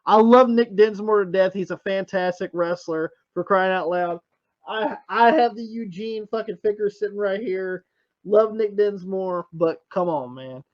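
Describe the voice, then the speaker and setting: A man's voice: high-pitched, unhurried, highs cut off. A tired man hosting a podcast, rambling in casual chat with lots of fillers and swearing. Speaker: podcast host.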